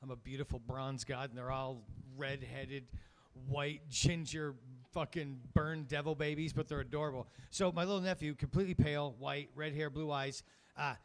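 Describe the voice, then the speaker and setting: Middle-aged guy comic, kinda high voice, swears a lot, rambly stand-up stories. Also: steady tone, moderate pace. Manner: loose, profane storytelling. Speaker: comedy host. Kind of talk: stand-up comedy.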